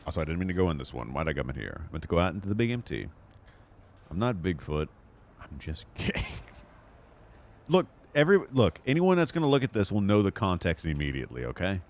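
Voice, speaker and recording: A man's voice: low voice, very animated, quick pace, a little mellow. A man streaming a video game, joking and rambling through casual commentary and laughing at himself.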